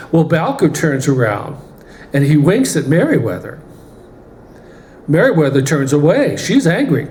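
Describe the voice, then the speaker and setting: Animated high-voiced storytelling man. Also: measured pace, long pauses, a little hiss or hum. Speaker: pastor telling a story. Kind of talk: storytelling from the pulpit. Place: church sanctuary. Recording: roomy church hall, faint ambience.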